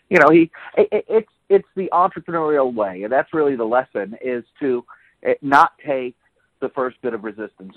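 A man's voice: medium pitch, dry recording. A man talking casually on a show, giving earnest advice with some stumbling restarts. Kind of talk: casual chat. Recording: dry tinny phone-line sound.

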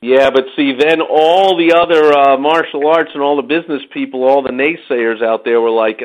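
A man hosting a casual podcast, talking in an animated, sarcastic way and speaking to the listener directly. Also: medium pitch, normal speed, few pauses, highs cut off. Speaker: podcast host. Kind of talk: casual political podcast chat.

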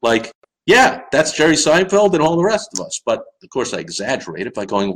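Speaking a little fast in a mid-range voice, this middle-aged Long Islander runs a live stream where he answers viewers and rants with heavy sarcasm, swinging into loud, mocking asides. The sound quality is poor.

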